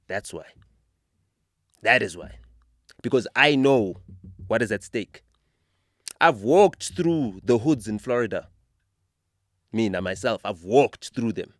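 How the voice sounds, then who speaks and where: A man's voice: lowish voice, slow, pauses often, dry recording, studio quality. A man with a South African accent hosting a podcast, talking with conviction and telling stories with rising animation. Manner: impassioned, builds to animated storytelling. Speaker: podcast host. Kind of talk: casual podcast conversation.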